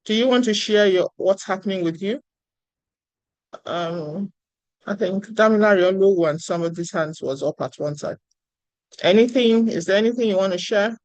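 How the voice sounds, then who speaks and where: A woman's voice: medium pitch, normal speed, darkish tone, no room sound, low-quality recording. A woman professor hosting an online meeting, praising and encouraging students. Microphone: video call.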